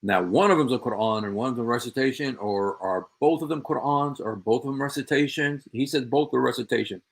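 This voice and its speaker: A man's voice: medium pitch, a little fast, gravelly. A man hosting a show, commenting on played clips, sarcastically repeating quoted phrases and speaking directly to an absent opponent. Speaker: show host.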